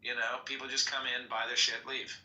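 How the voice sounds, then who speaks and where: A man in casual chat who talks slowly and deliberately, with a slight lisp. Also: mid-range voice, level tone, recorded from a distance. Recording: echoey room with faint noise.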